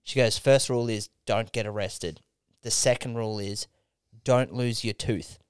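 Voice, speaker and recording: A young Australian man hosting a podcast, telling a swearing-laden story with animated quoted voices. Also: lowish voice, normal speed, clean tone, no echo, clean studio sound. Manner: animated, swearing yarn-spinner acting out quotes. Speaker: podcast host. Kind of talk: casual storytelling chat.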